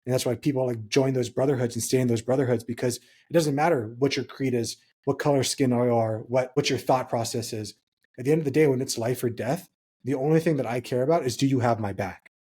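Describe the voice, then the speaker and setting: A man's voice: mid-range voice, fairly quick, warm tone, husky. A young man from Hawaii, co-hosting a podcast, talking in an earnest, reflective way and telling stories. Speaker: podcast co-host. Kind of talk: casual podcast chat.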